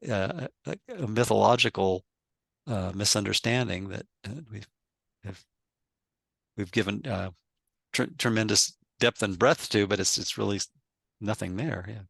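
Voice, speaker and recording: Low gravelly man, dry close sound. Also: a bit bright, no room sound. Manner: halting, repeats words while searching for phrasing. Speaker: host and author. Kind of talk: reflective conversational chat.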